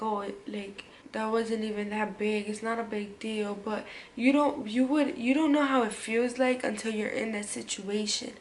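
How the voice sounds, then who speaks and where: A woman's voice: a little high, a little hiss or hum, low-quality recording. A young woman telling a personal story on her vlog in casual, slangy talk, full of fillers and restarts, sometimes dropping to a whisper. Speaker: vlogger.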